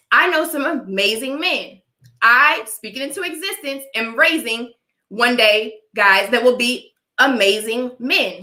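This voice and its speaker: A woman's voice: high voice, sharp tone, echoey room. Emphatic woman with a dry cough. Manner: emphatic, repeats "all right?" to viewers. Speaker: livestream host. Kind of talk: live-streamed opinion talk.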